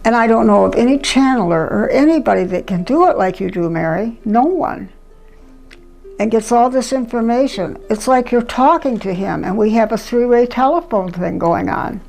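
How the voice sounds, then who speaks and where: Gravelly woman retelling a conversation. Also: a little high, moderate pace, soft background music, rough recording. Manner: excited, gushing retelling. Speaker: channeling video host.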